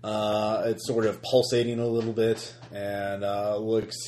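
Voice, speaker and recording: Guy game mastering a horror rpg, lowish voice, lots of uhs and restarts, faint hiss. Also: level tone, unhurried, darkish tone, echoey room. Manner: hesitant, many fillers and restarts. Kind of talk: narrating a tabletop horror game.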